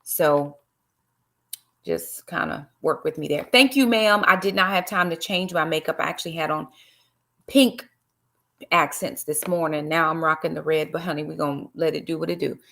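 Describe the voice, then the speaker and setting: A woman's voice: deep voice, normal speed, creaky, sharp tone. A middle-aged woman, hosting a casual live-stream devotional talk, chatty and greeting viewers by name with preachy asides. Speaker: livestream host and Bible study teacher.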